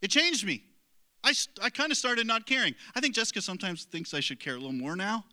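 A man's voice: high-pitched, animated, quick pace, sharp tone. A middle-aged man preaching a sermon as a pastor, earnest and conversational, with self-deprecating asides to the congregation.

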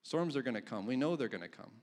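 A man's voice: mid-range voice, lively intonation, fast talker, a little mellow. A man preaching a casual, conversational sermon, reading scripture aloud and chuckling between points. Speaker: pastor.

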